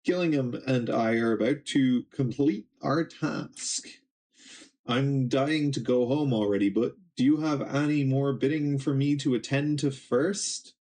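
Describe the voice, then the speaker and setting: A man's voice: medium pitch, unhurried, a little mellow, natural voice. A man reading out the lines of a scheming male comic villain in a mocking tone. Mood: fawning.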